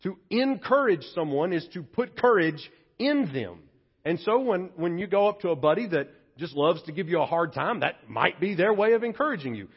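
A man's voice: high-pitched, big pitch swings, normal speed, breathy edge, muffled recording. A male pastor preaching a sermon in a conversational, playful way, often acting out quotes in comic voices.

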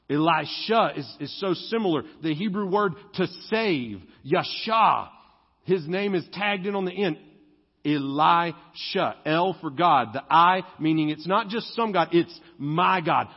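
A young adult male pastor, preaching conversationally in a church and slowing to stress key words. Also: fairly high pitch, animated, breathy edge. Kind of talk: sermon. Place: church sanctuary. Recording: dull sound with long hall reverb.

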